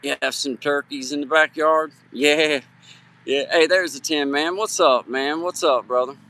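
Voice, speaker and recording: Guy from virginia w/ a drawl, chatty n folksy, bright kinda high voice, talking into his phone on a trail. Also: steady tone, a little slow. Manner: folksy, chatty, greets viewers by name. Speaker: livestream host. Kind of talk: casual live-stream chat. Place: outdoors on a hiking trail at sunset. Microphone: phone held for a live stream.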